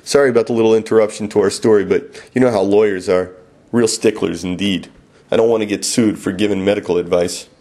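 A man's voice: on the low side, steady tone, fast, warm tone. A middle-aged man telling a first-person story in a wry, self-mocking and dramatic way.

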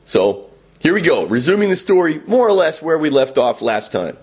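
A man hosting a podcast, telling a comic first-person travel story in a wry, animated way. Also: a little high, normal speed, husky.

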